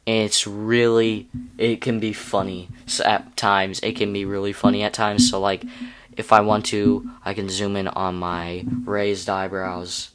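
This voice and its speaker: A man's voice: lowish voice, level tone, unhurried, very noisy. A young man casually walking through a video editing tutorial, rambling and correcting himself with amused asides. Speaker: YouTube tutorial creator.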